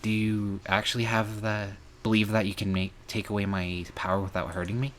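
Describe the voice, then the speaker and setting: Male streamer, low voice, earnest emotional reading of game text, faint background noise. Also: little pitch movement, brisk, fairly bright tone. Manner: earnest, emotional reading with some angry outbursts. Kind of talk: reading a visual novel aloud.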